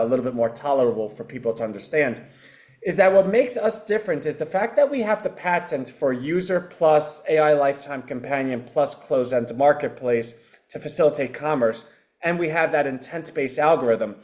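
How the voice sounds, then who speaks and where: A man's voice: a little high, brisk, darkish tone. A man who founded a company, explaining his AI product in a loose, rambling live-stream chat with self-deprecating asides.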